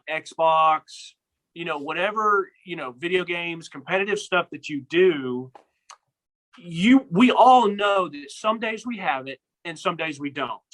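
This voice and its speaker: A man's voice: fairly high pitch, sharp tone, rough recording. A young man co-hosting a casual sports podcast, rambling with many restarts and repeated words. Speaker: podcast co-host.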